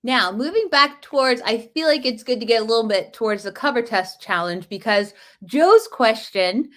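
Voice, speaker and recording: A woman's voice: on the high side, animated, normal speed. A woman co-hosting a live Q&A, reading viewer questions aloud and adding supportive remarks. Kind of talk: live Q&A chat.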